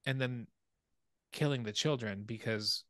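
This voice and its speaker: A man hosting a podcast, casually retelling a film scene by scene and getting animated at the scary parts. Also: measured pace, dry recording, clean studio sound. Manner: animated storytelling, rises in pitch when excited. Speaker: podcast host.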